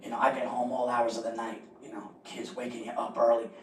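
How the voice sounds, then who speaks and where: A man's voice: medium pitch, monotone, brisk, echoey room, recorded from a distance, a little hiss or hum. Self-mocking male stand-up comic. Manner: conversational storytelling, self-mocking asides. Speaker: stand-up comedian. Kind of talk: stand-up set.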